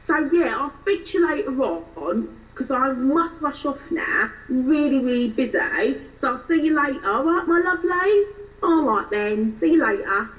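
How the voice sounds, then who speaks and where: A woman's voice: high voice, animated, moderate pace, recorded from a distance, lo-fi sound. A woman voicing a shallow young Essex woman who loves shopping, with an Essex accent and bubbly, airheaded chatter.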